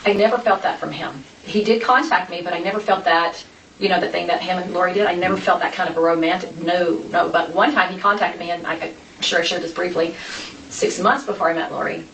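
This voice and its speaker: A woman with a lowish voice talks fast through a personal story, stumbling over restarts and acting out quoted conversations. She sounds set back from the mic in an echoey room. A faint hiss sits under her. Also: fairly even intonation, a bit bright, far from the mic. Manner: rambling, full of restarts and quoted dialogue. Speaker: interview guest.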